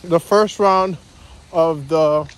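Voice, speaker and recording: Speaking extremely slowly in a fairly high pitch, a male vlogger rants as he walks around his neighborhood outside. It's a casual vlog full of repetition, and he keeps saying "guys."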